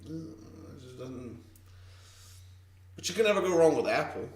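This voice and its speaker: A man's voice: mid-range voice, lively intonation, normal speed, vocal fry, roomy sound, recorded from a distance. A man co-hosting a live stream, laughing and teasing himself in a self-mocking way. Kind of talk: casual live-stream chat.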